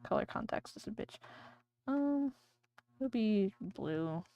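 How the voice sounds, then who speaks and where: A woman's voice: mid-range voice, animated, takes it slowly, vocal fry, dark tone, clean tone, lo-fi sound. A woman streamer chatting casually and rambling while she draws on a livestream. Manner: chatty, rambling, thinking aloud.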